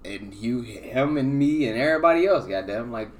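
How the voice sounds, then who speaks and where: A man's voice: medium pitch, animated, moderate pace. A young man hosting a podcast, chatting casually with loose, profane banter. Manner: profane, laid-back banter. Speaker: podcast host. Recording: distant mic with background noise.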